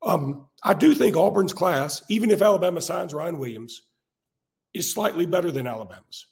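A man, his voice hoarse and gravelly from illness, talks sports on a podcast. He sits a little higher than most men. His delivery is animated and self-mocking. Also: normal speed. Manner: animated, laughs at himself. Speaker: podcast co-host. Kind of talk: casual sports talk.

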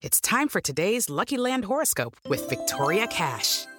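Woman ad read, lively pitch, playful, music underneath. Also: normal speed. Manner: playful, sing-song promotional. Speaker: ad announcer. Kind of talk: scripted radio ad read.

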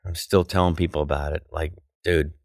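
A man, a guest comedian, telling a story in a podcast interview, animated and acting out the voices of people he quotes. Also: extremely low pitch, a little fast, no echo, studio quality.

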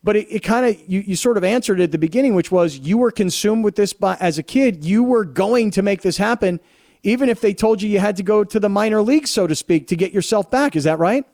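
A man's voice: sits high, expressive, fast, a little mellow, no room sound, clean studio sound. A man hosting a sports talk radio show, chatty and enthusiastic as he asks his guest questions.

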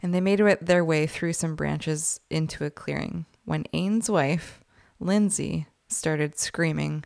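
A woman's voice: low voice, slow, gravelly, a little mellow, dry recording, clean studio sound. A woman co-hosting a podcast, telling a true-crime story in a chatty way and saying "like" often. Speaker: podcast co-host.

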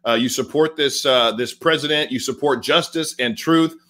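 A man's voice: mid-range voice, moderate pace, bright, forceful tone. A man hosting an interview, enthusiastic and affirming toward his guest. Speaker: host. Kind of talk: interview talk.

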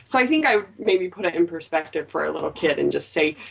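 A woman's voice: deep voice, quick pace, vocal fry, breathy edge. A woman co-hosting a casual talk show, telling a personal story in an earnest way. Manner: earnest storytelling, animated quoted voices. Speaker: co-host. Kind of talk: casual chat. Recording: voice from a distance off the mic.

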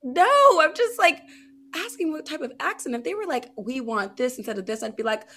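A woman podcast host chatting with a guest, enthusiastic and quick to laugh. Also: sits high, pushed and bright. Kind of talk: casual interview chat.

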